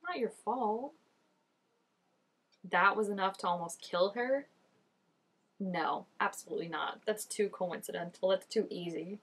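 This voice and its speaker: A woman's voice: mid-range voice, unhurried, pauses often, husky. A woman reacting to a TV episode in casual commentary, exclaiming, gasping and laughing often at the screen. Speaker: TV show reactor.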